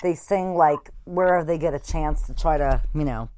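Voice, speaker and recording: A woman's voice: low-pitched, normal speed, dark tone, slight background noise. A woman hosting a casual band interview, rambling along with lots of fillers like "like" and "you know.". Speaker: podcast host interviewing a band.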